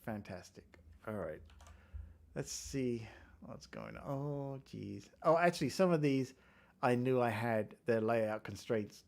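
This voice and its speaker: The host, an Englishman streaming himself coding, has a medium-pitched voice that's expressive, gravelly, and a little mellow, and he's unhurried. Casual and chatty, he jokes at his code's expense and reads viewer comments aloud.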